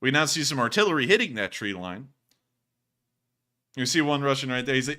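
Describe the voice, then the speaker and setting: Bright, animated male commentator. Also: medium pitch. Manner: joking, sarcastic, quick to laugh. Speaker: host of a war footage commentary show. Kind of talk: casual commentary over video clips.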